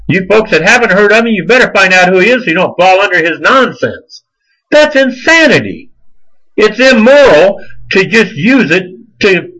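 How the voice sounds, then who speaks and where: A man's voice: sits high, sharp tone, rough recording. A man hosting a show, delivering a heated, scolding, preacher-like rant of religious commentary. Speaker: show host. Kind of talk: fiery religious commentary monologue.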